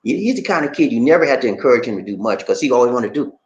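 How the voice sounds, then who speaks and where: A middle-aged man hosting a casual online live chat, his pitch swinging widely as he tells stories with outspoken, laughing energy. The room is echoey. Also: racing, muffled recording. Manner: animated, laughing, outspoken storyteller. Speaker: YouTube show host.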